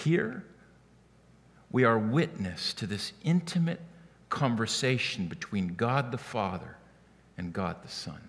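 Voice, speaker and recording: A man preaching a sermon in an animated way, often repeating words as he starts a phrase. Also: medium pitch, slow, gravelly, pauses often, big-room sound. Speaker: pastor.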